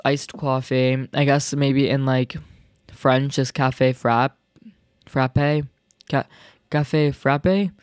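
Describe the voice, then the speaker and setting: A young man hosting his own podcast, chatting casually and excitably in a rambling way with lots of filler words. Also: mid-range voice, dry recording, studio quality. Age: young adult. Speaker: podcast host. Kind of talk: casual solo podcast chat.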